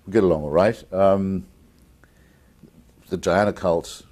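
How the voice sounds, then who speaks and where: Speaking a little slowly in a low, somewhat mellow voice with fairly even intonation, this Englishman in his fifties fields viewer calls as an interview guest. He comes across as articulate and combative, frequently starting over mid-thought.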